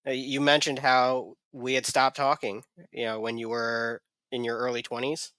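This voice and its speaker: A man speaking as a guest on a podcast, sharing hard personal memories haltingly, with many restarts. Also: mid-range voice, little pitch movement, pushed and bright, smooth, no room sound. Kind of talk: candid personal conversation.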